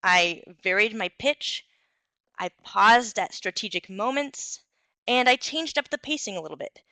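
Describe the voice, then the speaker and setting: Bright-voiced woman giving a lesson. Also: medium pitch, expressive, a little slow, no echo. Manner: clear, encouraging, with occasional fillers. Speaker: presenter giving a talk on communication skills. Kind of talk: instructional talk.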